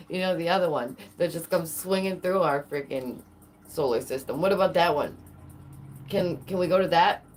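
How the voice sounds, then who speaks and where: Woman vlogger, low-ish voice, casual and excitable, rhetorical questions, quick laughs. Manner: excitable, asks viewers many rhetorical questions, laughs often. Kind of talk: casual chat to camera.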